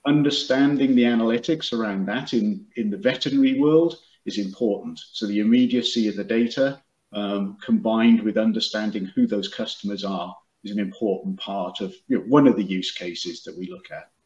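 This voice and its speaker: A man's voice: fairly low pitch, moderate pace, darkish tone. A man, a company executive, explaining his business in an interview over a video call, with many fillers and restarts. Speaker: guest, product and marketing executive. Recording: echoey room, dull lo-fi sound.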